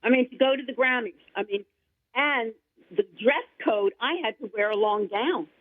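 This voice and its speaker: A woman guest singer-songwriter chatting in an interview, gushing and rambling with excitement. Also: fairly high pitch, normal speed, dry recording. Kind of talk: casual interview chat. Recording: tinny phone line, dry.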